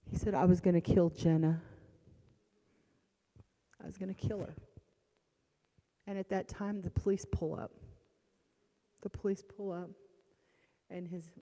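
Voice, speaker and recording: A middle-aged woman speaks with a warm, mellow voice as she shares a painful testimony in a church sanctuary. She stops and restarts often, dropping to near-whispers and then rising to loud, strained outbursts. Her words ring with the long reverb of a large church hall. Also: fairly low pitch. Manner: voice swinging from hushed to loud and strained; halting, with restarts. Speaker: church member giving a testimony. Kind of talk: emotional personal testimony.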